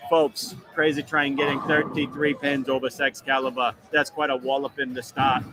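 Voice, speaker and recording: A man's voice: medium pitch, level tone, normal speed. Man calling bowling matchups, music behind. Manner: jokey, drops into a mock British accent. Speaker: tournament commentator and show host. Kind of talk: live bowling commentary. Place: commentary booth at a bowling alley. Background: music playing.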